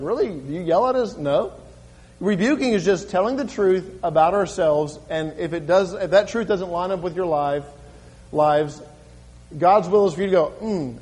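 A middle-aged male pastor preaching a sermon, reading scripture slowly and with emphasis, then dropping to a quiet, conversational tone. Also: high voice, long reverb tail. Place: church.

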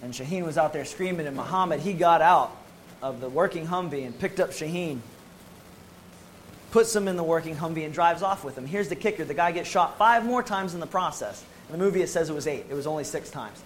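American man, former Marine, slightly high voice, emphatic testimony storyteller. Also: fairly quick, slight background noise, low-quality recording. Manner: animated, emphatic storytelling with casual slang. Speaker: former Marine medic telling his story. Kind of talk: personal testimony to an audience.

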